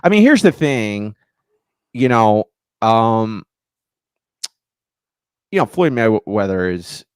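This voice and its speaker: A man co-hosting a podcast in casual chat, rambling with many halting restarts. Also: fairly low pitch, big pitch swings, clear, resonant tone, dry recording, studio quality. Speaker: podcast co-host.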